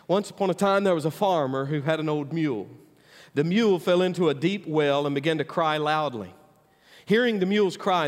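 A man preaches a sermon to his congregation in a high, ringing voice. His delivery is full of call-and-response, rising loud and then dropping to a hush. The sound rings with the long echo of a church hall. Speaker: pastor.

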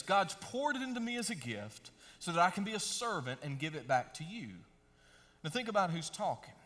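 A middle-aged man preaching a sermon in a folksy, emphatic style, swinging between loud and hushed delivery. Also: on the high side. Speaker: pastor. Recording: long reverb of a large hall.

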